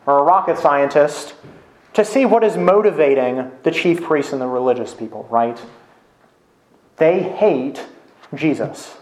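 A male pastor delivers a sermon in a casual, conversational way, often tossing in "right?" to check in with listeners. His voice sits a little high for a man. The sound carries a noticeable room echo. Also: darkish tone. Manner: conversational, with frequent "right?" tag questions. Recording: echoey room.

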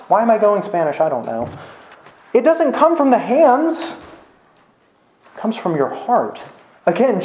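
A male pastor delivers a sermon in a casual, conversational way, often tossing in "right?" to check in with listeners. His voice sits a little high for a man. The sound carries a noticeable room echo. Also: a little mellow. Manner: conversational, with frequent "right?" tag questions. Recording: echoey room.

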